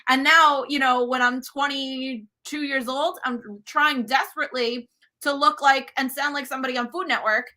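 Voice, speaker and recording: Bright, lively woman in her thirties. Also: high voice, moderate pace. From United States. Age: 30s. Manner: animated, frank and emphatic. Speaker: guest, cooking show host. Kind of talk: casual interview chat.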